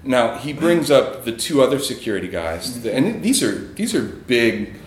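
A man's voice: medium pitch, sing-song, moderate pace, echoey room. A man telling a personal story in a casual, rambling way, with fillers and chuckles. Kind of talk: live storytelling.

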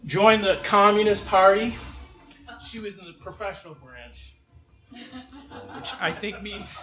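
A man from Chicago tells a funny story in a loose, rambling, swearing style. His voice sits a bit high for a man, and he talks with lively energy. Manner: rambling, profane, animated. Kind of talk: live comic storytelling.

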